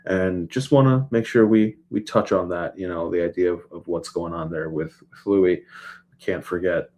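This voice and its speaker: Deep-voiced man recapping a TV episode. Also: steady tone, normal speed, darkish tone. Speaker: podcast co-host. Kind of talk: casual TV episode recap chat.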